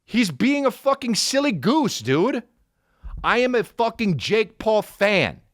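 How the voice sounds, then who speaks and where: A man in his thirties hosting a casual comedy podcast, telling a story with lots of profanity, restarts and quick asides. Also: sits high, very animated, fairly bright tone, no echo, clean studio sound. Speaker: podcast host.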